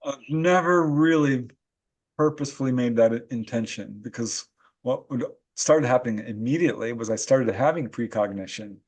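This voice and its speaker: A man as a podcast guest who recounts his own experiences in an animated, laughing storytelling manner. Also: medium pitch, normal speed. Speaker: guest, paranormal researcher and author. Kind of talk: casual interview storytelling.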